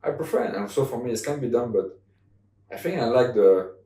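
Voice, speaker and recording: A young French man with a French accent, a native French speaker, chatting as a podcast guest in halting English, animated and laughing often. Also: medium pitch, echoey room, recorded from a distance, slight background noise. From France. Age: young adult. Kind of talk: casual conversation.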